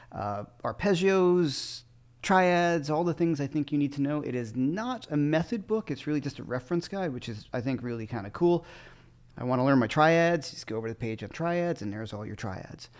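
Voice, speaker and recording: A man who teaches guitar, chatting casually on a livestream with loose, rambling asides. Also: medium pitch.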